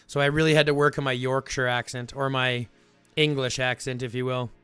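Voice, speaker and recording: A man hosting a livestream, chatting casually with viewers in a rambling, animated way full of fillers. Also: mid-range voice, brisk, clear, resonant tone, dry recording, faint music behind. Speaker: livestream host.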